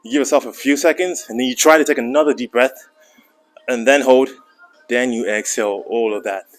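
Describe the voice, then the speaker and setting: A man's voice: mid-range voice, a little fast, faint music behind. A young man talking between heavy gym sets, out of breath, mixing jokey asides with training tips in a casual vlog style. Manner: joking, chatty coaching asides. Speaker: fitness vlogger. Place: indoor private gym.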